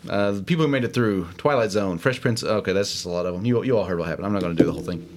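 Male host, lower register, loose self-deprecating solo chat full of fillers. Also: very fast. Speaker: podcast host. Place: home studio, alone.

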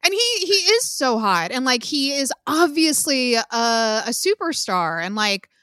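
A bright, slightly high-voiced woman in her thirties co-hosts a casual podcast from home. She is chatty and opinionated, full of "like" and "um", and her voice sounds dry and close. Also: very animated, measured pace, no echo. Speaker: podcast co-host. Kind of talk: casual chat.

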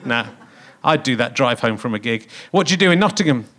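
A man's voice: mid-range voice, lively intonation, fairly quick, fairly bright tone. A man in his fifties hosting a live comedy podcast on a theatre stage, rambling and jokey as he teases the audience. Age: 50s.

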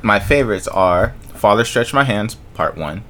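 A man's voice: on the low side, lively intonation, moderate pace, fairly bright tone. Laughing young man co-hosting a podcast. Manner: defensive, laughing, stammers. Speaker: podcast co-host. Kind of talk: casual banter.

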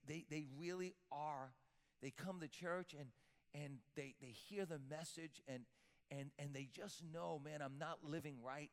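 A man preaching a sermon as pastor, emphatic, repeating words as he builds up. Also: fairly high pitch. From Sicilian-Italian heritage. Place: church sanctuary with long reverb. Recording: reverberant church hall.

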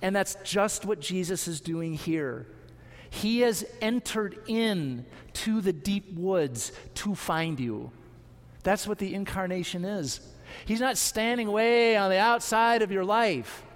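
A pastor delivers his sermon in a high, lifted voice, leaning hard on key words with deliberate pauses. He takes his time over each phrase. The sound rings out with a long reverb from the hall. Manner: earnest, emphatic preaching with deliberate pauses.

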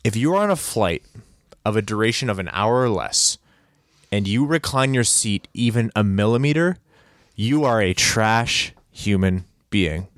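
A man co-hosting a casual podcast, telling stories in an animated, comic ranting way. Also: on the low side, measured pace, dry recording, clean studio sound. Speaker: podcast co-host. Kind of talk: casual sports podcast chat.

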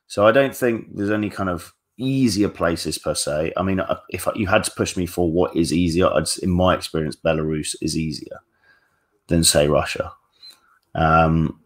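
A man with a notably low, deep voice talks straight to his viewers in a live-stream Q&A. He is blunt and casual, a dating coach who swears freely and keeps things frank.

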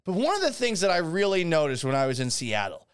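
A man hosts a live-streamed podcast, delivering casual commentary that rambles and turns sarcastic and profane. His voice is a little high, clear and resonant, with huge swings in pitch, and he talks fast.

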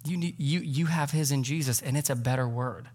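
A man's voice: medium pitch, a little fast, darkish tone, slightly rough. A man in his thirties, a pastor giving a sermon in a church, talking in a loose, conversational way with many fillers. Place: church sanctuary.

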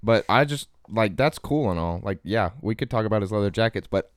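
A man's voice: on the low side, animated, brisk, no room sound, clean studio sound. A man co-hosting a crude comedy podcast, rambling and profane, often breaking into laughter. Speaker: podcast co-host.

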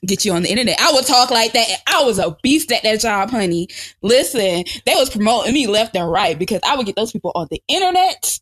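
A young adult woman chats loosely on a podcast, loud and lively. She swears freely and laughs often. The recording is dry and close. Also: on the high side, fairly quick, slightly rough, dry recording. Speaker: podcast co-host. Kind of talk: casual podcast chat.

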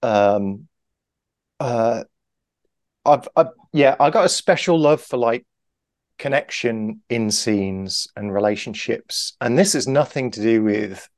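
A man's voice: mid-range voice, takes it slowly, dry recording, studio quality. A man talking casually as an improv guest, rambling and correcting himself, acting out example lines as he explains. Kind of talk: casual interview chat.

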